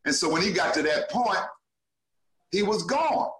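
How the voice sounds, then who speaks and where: A male comedian talking casually in a relaxed, encouraging way. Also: high voice, measured pace, slight background noise. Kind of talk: casual conversation. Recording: echoey room.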